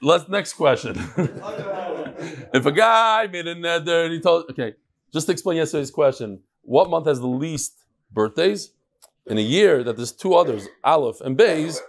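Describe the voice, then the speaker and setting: A man's voice: a little high, animated, normal speed. A man leading a daily Talmud class, joking and teasing back and forth with the people in the room. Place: classroom with a live audience.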